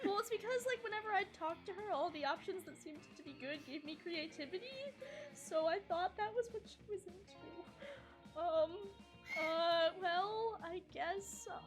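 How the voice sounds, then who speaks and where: A woman's voice: very high-pitched, moderate pace, over music. A woman streaming a dating game with friends, talking casually and hesitantly with many fillers. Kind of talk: casual gaming chat.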